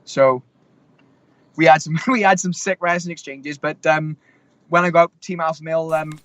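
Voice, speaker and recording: A man's voice: a little high, fairly even intonation, normal speed, a bit bright, no echo, lo-fi sound. A young man in his twenties, a fighter, rambling through stories with lots of fillers and restarts. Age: 20s. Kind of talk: casual interview storytelling.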